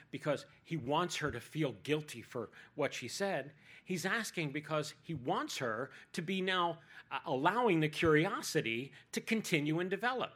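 A man's voice: a little high, a bit bright, slightly rough. A man preaching a sermon in a conversational way, with jokey asides.

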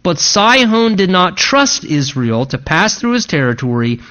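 A man's voice: sits high, very animated, unhurried, bright, forceful tone. A man preaching an expository sermon, working verse by verse and breaking into conversational asides. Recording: dull lo-fi recording.

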